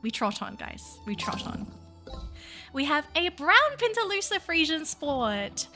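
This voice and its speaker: A woman hosting a game video, talking excitably and gushing to her viewers. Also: sits high, measured pace, soft background music. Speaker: VTuber game video host.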